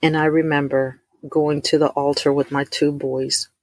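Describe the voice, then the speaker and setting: A middle-aged woman, telling a heartfelt personal testimony to her listeners, warm and emotional, calling them y'all. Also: sits low, little pitch movement, no room sound, studio quality. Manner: emotional, addresses listeners as y'all, drawn-out emphasis. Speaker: host of a faith talk stream.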